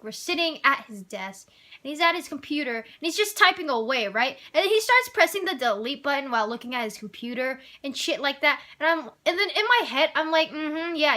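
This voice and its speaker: A teenage girl with a high, bright voice tells a school story as a casual rant. She sounds exasperated and animated and swears freely. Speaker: vlogger telling a story.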